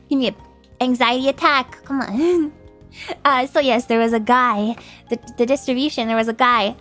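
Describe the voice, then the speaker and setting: A woman's voice: sits high, a bit bright. A woman streamer chatting casually with her viewers, laughing often and greeting chat, her nose stuffed up.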